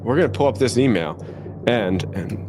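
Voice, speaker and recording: A man's voice: medium pitch, lively intonation, moderate pace. A man with an American accent hosting a casual school-district podcast in a jokey, upbeat, self-deprecating way, with faint music behind him. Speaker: podcast host, school superintendent.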